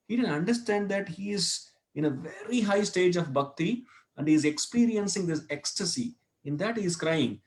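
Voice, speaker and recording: A man's voice: high voice, lively intonation, normal speed. A man teaching a devotional scripture class, telling a story and asking his listeners questions as he goes. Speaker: class speaker. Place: temple hall.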